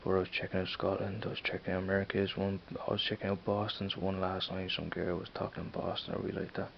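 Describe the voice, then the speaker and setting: Speaking quickly with vocal fry, this Dubliner has a deep voice and a completely flat delivery. He's an Irish vlogger chatting casually to camera, hesitant and rambling, with plenty of fillers and restarts, captured on a camera mic as dull lo-fi audio with a faint hiss.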